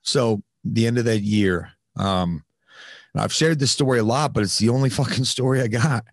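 A man's voice: mid-range voice, normal speed, dry recording, studio quality. A man telling a candid personal story in casual conversation, with frequent fillers and some swearing. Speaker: podcast host, guest telling his recovery story.

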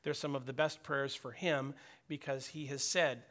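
A man's voice: mid-range voice, steady tone, moderate pace, fairly bright tone. A middle-aged man preaching a sermon in a conversational way, acting out prayers and dialogue as he speaks. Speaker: pastor.

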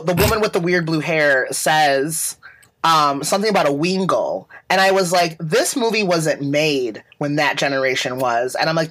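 A woman's voice: sits low, fairly bright tone. A young woman co-hosting a podcast in casual chat, swearing freely and telling stories with mocking voices. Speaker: podcast co-host.

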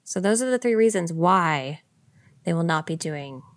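A woman co-hosting a podcast, reading out news and chatting playfully with frequent laughs. Her voice sits on the low side but moves around a lot in pitch, recorded dry and close. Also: expressive, moderate pace, no echo. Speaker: podcast co-host. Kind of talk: casual chat, reading news.

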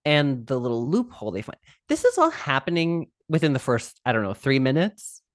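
A woman's voice: very deep voice, fairly quick, dry recording, clean studio sound. A woman co-hosting a podcast, chatting casually about a movie, laughing and acting out lines from it. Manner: animated, laughing, acts out quotes from the film. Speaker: podcast co-host. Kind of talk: casual chat reviewing a movie.

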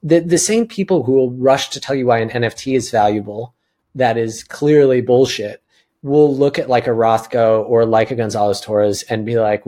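A man's voice: mid-range voice, normal speed, mellow. A man hosting a podcast. He talks earnestly and casually, with many restarts and fillers. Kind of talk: casual conversation.

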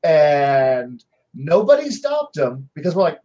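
A man on a game-master panel telling stories about his players in casual chat, acting out their lines in quick voices. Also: a little high, big pitch swings, warm tone, rough recording.

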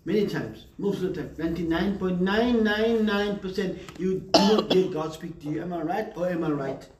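A man's voice: sits high, moderate pace, darkish tone, a little hiss or hum. A man preaching a sermon emphatically, calling on the congregation for amens. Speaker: pastor. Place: church hall. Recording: echoey hall from far off.

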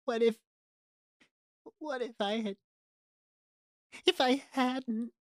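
A man voicing a tearful, sweet young male sea sponge, crying and sniffling in a high, trembling voice. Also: extremely slow, no room sound, studio quality, full character voice.

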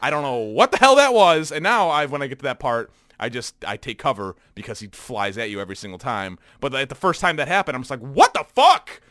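A man in a casual podcast chat with a bright, forceful tone, recorded dry and close. He tells stories with plenty of profanity and plays out his own reactions along the way. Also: medium pitch, fast, hardly any pauses, no echo. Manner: animated, profane storytelling with acted-out reactions. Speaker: podcast co-host.

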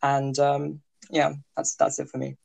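A man's voice: fairly high pitch, completely flat delivery, unhurried, vocal fry. Casual young man discussing ethics. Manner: casual, joking, with fillers.

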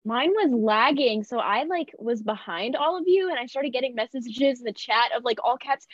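High, bouncy woman on a dull mic. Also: normal speed, few pauses, no room sound. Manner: excitable storytelling, big pitch leaps. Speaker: podcast co-host. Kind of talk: casual chat.

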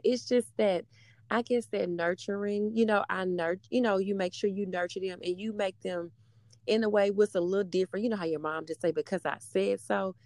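A woman's voice: mid-range voice, a little mellow, no echo. Woman, thirties, mother, casual talk, rambling, fillers, dry close sound. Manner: rambling, many "you know" fillers. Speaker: mother of a middle-school daughter. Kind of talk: casual conversation.

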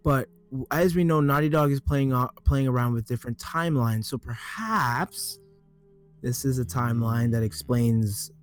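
A man co-hosting a casual gaming talk show, talking in halting starts and restarts as he reasons things through. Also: mid-range voice, soft background music. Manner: halting, restarts, thinks aloud. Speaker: podcast co-host.

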